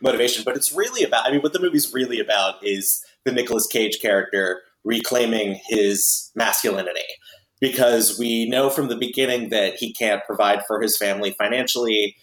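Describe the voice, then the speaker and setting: A man's voice: lowish voice, a little fast, fairly bright tone, reverberant, low-quality recording. A man hosting a podcast, chatting casually and wryly about a movie with lots of fillers. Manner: chatty, wry, many fillers. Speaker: podcast host.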